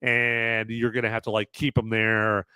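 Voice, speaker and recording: A man hosting a podcast, giving a casual, rambling movie review with animated asides. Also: on the low side, a little slow, clear, resonant tone, no room sound, clean studio sound. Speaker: podcast host.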